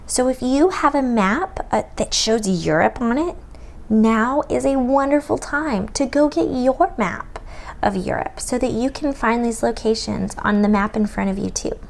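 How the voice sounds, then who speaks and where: An American woman tutoring children through a map lesson, in a slow sing-song manner that sometimes drops to a whisper. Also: fairly high pitch, creaky, a little hiss or hum. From United States. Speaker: homeschool tutor teaching children.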